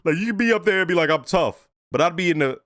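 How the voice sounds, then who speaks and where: A man's voice: sits high, animated, rapid-fire, a bit bright, no room sound, studio quality. A man hosting a reaction video, talking casually in slang and laughing often as he comments.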